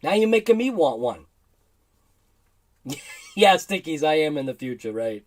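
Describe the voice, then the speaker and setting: Chatty Boston-accented man, fairly high voice. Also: sing-song, a little slow. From Boston area, United States. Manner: rambling, laughing, reading chat aloud. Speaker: livestream host. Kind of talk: casual livestream chat.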